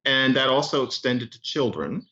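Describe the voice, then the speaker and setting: A man who is an author and linguist, explaining things in an animated, storytelling way as a podcast guest. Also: medium pitch, moderate pace, lo-fi sound. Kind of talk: explanatory interview talk.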